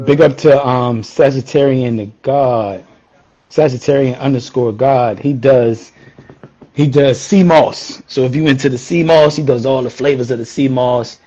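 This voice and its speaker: Husky-voiced man in a laid-back stream chat, offhand shout-outs, muffled lo-fi sound. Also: mid-range voice, a little slow. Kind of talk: casual live-stream chat. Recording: dull lo-fi audio.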